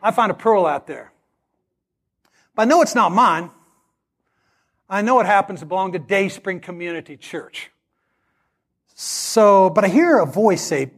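A man preaching a sermon as pastor, telling stories and acting out the dialogue with animated delivery. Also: high-pitched, a little slow, long pauses.

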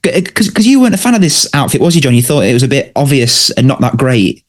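A man with a mid-pitched, ordinary voice co-hosts a podcast. He chats casually and laughs easily. He often turns to his co-host with questions. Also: big pitch swings, fast. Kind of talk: casual chat about a sitcom.

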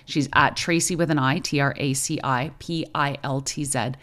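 A middle-aged woman, a school librarian hosting a podcast, talking in a chatty, animated way with frequent restarts. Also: a bass voice, normal speed. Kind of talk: casual chat.

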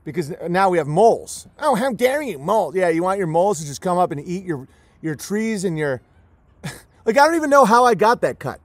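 A man's voice: sits high, expressive, brisk, no room sound. A man hosting a livestream, delivering a profane, sarcastic, mocking rant. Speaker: livestream host. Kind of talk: profane ranting monologue.

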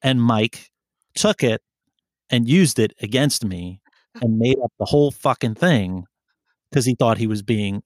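Brief: lower-voiced New man, animated, swearing storyteller, dry close sound. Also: dry recording. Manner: profane, rambling, animated storytelling. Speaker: podcast co-host telling a story. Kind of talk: casual storytelling chat.

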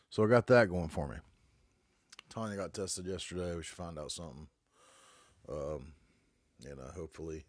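A man's voice: deep voice, no room sound, studio quality. A man, rambling glumly and cursing through a solo home podcast while fighting a stuffy head cold. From North Carolina, US. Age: 40s. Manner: glum, rambling, heavy cursing. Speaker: podcast host. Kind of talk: casual solo podcast monologue. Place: back bedroom at home. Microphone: phone.

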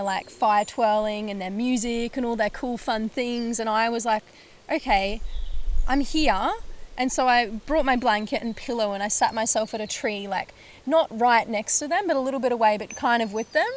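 A woman podcast host telling a story in casual conversation, animated, acting out quotes and swearing casually. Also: a little high, fairly quick.

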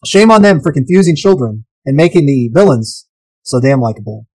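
A man co-hosting a casual podcast over whiskey, joking and swearing freely in animated chat. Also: medium pitch, fairly quick, dry recording, low-quality recording. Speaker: podcast co-host.

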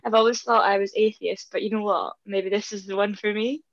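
A woman's voice: mid-range voice, fairly even intonation, brisk, muffled recording. A young woman co-hosting a casual chat show, giggling, asking questions and interrupting often. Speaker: podcast co-host.

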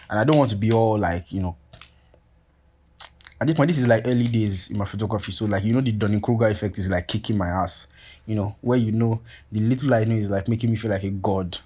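A young man hosting a podcast, telling a story in a casual, profane, animated way, full of "like" and "you get what I'm saying". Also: fairly low pitch, brisk, a little hiss or hum. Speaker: podcast host.

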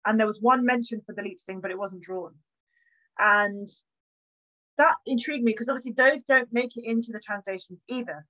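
Animated woman historian, lo-fi audio. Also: fairly high pitch, normal speed. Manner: animated storyteller, acts out quoted exchanges. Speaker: historian guest. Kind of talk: conversational interview. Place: home, bookshelf behind her.

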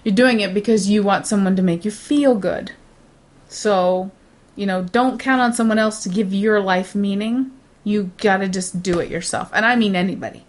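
A woman's voice: mid-range voice, moderate pace. A young woman co-hosting a podcast, ranting bluntly in casual chat and laughing often. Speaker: podcast co-host.

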